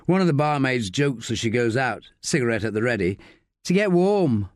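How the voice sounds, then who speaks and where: A man narrating a crime audiobook in measured, scripted storytelling on a close studio mic. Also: medium pitch, lively intonation, no echo.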